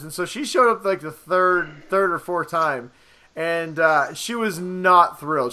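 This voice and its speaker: A man in his thirties with a high, bright, forceful voice, chatting on a podcast. He tells stories in a loose, animated way, swears freely and acts out the lines he quotes. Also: clear, resonant tone. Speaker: podcast co-host. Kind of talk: casual storytelling chat.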